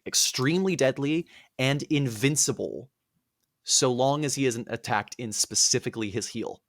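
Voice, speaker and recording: A man's voice: mid-range voice, moderate pace, a bit bright, dry recording. Casual man retelling a myth, dry sound. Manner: casual, rambling with fillers. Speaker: podcast host. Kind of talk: comic storytelling.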